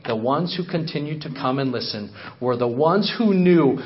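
A man preaches a story in a sermon and acts out the quotes he tells. His voice sits high and swings widely in pitch. He repeats phrases for emphasis, and the recording sounds dull and lo-fi. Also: lively intonation, normal speed, hardly any pauses. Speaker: missionary speaker.

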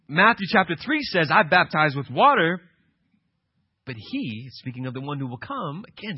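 A male pastor preaching an emphatic sermon, swinging from quiet passages to loud, insistent ones. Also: a little high, slightly rough, no room sound, lo-fi sound.

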